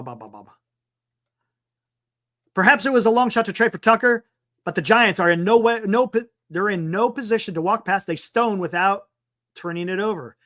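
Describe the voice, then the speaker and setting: A man hosting a sports talk livestream, reading an article aloud and breaking off for quick excited asides. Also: high voice. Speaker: sports talk show host. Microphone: streaming setup microphone.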